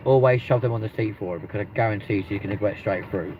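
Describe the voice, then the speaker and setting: A London-accented man with a fairly low voice hosts a live stream, rambling through loose, profanity-laced banter. The recording is muffled and lo-fi, with a faint hiss of noise behind him. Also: fast. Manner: rambling, swears freely. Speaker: livestream host.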